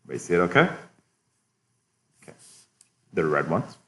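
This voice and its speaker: A man with a very low voice teaches a biochemistry class in a lecture hall. He talks in a relaxed way, often stops to ask the students if they follow, and chuckles at his own asides. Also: a little fast, vocal fry.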